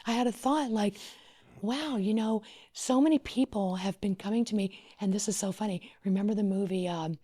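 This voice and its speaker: A middle-aged woman from Louisiana with a husky, breathy voice shares her story as a podcast guest. Her delivery is expressive: she dips into near-whispers and then climbs with excitement. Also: medium pitch, normal speed. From Louisiana, USA. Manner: expressive, often drops to a whisper or rises excitedly. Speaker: podcast guest, wedding planner. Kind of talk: animated storytelling in conversation.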